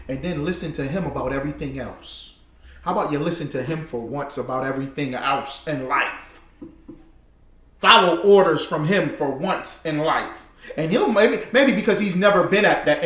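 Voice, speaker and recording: A man's voice: fairly high pitch, fairly bright tone, roomy sound. A man giving heated, casual commentary. He repeats himself and talks straight to his listeners.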